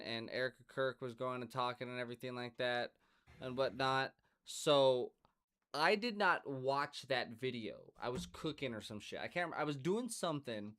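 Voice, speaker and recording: A man's voice: medium pitch, a bit bright, smooth. A man hosting a podcast in a casual, rambling monologue, swearing freely and talking to his dog. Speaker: podcast host.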